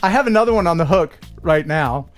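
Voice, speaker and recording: A man's voice: fairly high pitch, expressive, fairly quick, soft background music. A man hosting a live stream, chatting casually and joking, often laughing. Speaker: host.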